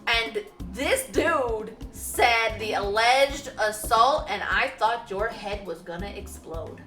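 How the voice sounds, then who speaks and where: A woman's voice: a little high, slow, pushed and bright, echoey room, soft background music. A woman co-hosting a podcast, chatting casually in a blunt, emphatic way. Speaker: podcast co-host. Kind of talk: casual chat.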